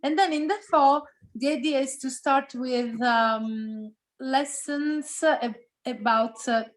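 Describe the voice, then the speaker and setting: Sicilian woman w italian accent hosting a video call, bit high voice, lots of uh and um. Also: takes it slowly, low-quality recording. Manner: translates back and forth, many fillers. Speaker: host and interpreter. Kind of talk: casual video-call meeting.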